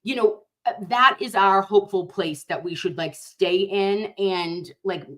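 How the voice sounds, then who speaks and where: A young woman hosting a casual reaction commentary, emphatic and animated, talking straight to her viewers. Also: medium pitch, unhurried. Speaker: commentary host.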